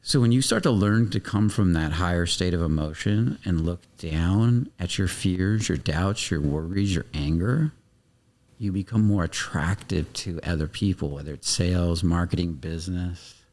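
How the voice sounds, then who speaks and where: This podcast guest coach has a low voice with a darkish tone, speaking at a moderate pace. Intense and animated in the interview, he swears freely and plays out little scenes of dialogue.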